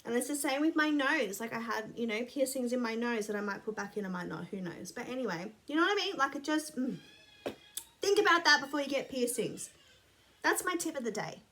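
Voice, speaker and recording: A woman's voice: on the high side, lively intonation, a little fast, a bit bright, slight background noise. Sweary chatty woman vlogger. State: sniffly. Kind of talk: casual rambling chat to camera.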